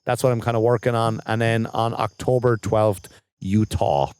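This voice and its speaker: A man's voice: lowish voice, fairly even intonation, moderate pace, a little mellow, clean tone, no room sound. A man, a stand-up comedian co-hosting a casual comedy podcast, talking in a rambling, joking way with lots of restarts and swearing.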